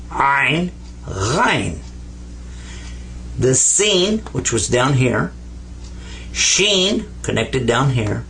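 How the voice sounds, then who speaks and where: A man's voice: fairly high pitch, fairly bright tone, slight background noise. Folksy older American man teaching Arabic letters. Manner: folksy, drawls out sounds slowly for students to repeat. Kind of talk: taped video lesson to a home audience.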